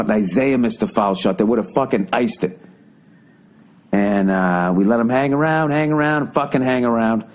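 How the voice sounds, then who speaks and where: A middle-aged man hosting a podcast, telling a story as a profane comedic rant that swings into loud, exasperated outbursts. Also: medium pitch. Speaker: podcast host.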